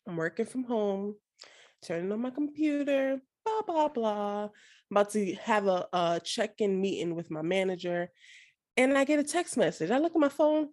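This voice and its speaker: A woman's voice: medium pitch, animated, moderate pace, a little mellow. A young woman co-hosting a podcast in casual chat, blunt and emphatic, swearing freely. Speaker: podcast co-host.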